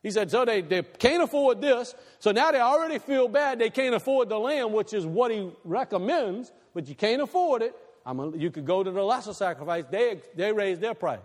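A male pastor preaching a sermon, animated, swinging between loud bursts and quiet, low asides. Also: normal speed, hardly any pauses. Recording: long reverb in a large hall.

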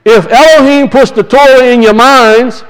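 A man preaching a sermon, talking conversationally and with passion, drawing words out for emphasis and reading scripture slowly. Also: very high voice, steady tone, smooth, low-quality recording. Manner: reads scripture aloud slowly and deliberately.

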